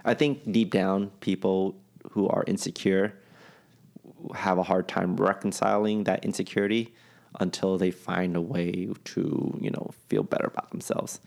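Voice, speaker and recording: Gravelly low-voiced man musing casually. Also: level tone, moderate pace, a little mellow. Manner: opinionated, musing, loose and profane. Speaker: podcast co-host. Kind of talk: casual chat.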